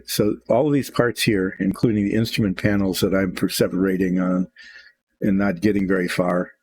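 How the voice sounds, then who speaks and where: Gravelly low-voiced older man musing. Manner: musing, rambling, thinks aloud with restarts. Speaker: miniature painter. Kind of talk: relaxed narration while painting.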